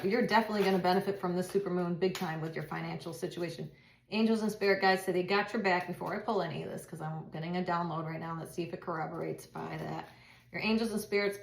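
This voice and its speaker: A woman's voice: mid-range voice, reverberant, slight background noise. A woman doing a casual tarot reading, chatty and repeating herself, with laughs and swearing. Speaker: tarot reader.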